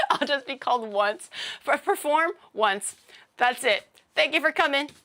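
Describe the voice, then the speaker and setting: A woman streaming as a VTuber in a loose, rambling chat. She is sarcastic and blunt and pokes fun at herself. Her voice is bright and keen, pitched a little high. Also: animated, a little slow. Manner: rambling, joking, self-mocking.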